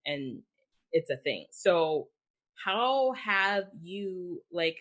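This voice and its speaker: A woman's voice: lowish voice, very animated, extremely slow, a bit bright, lo-fi sound. A woman hosting a conversational interview, speaking in a heartfelt way with lots of filler "likes". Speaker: podcast host.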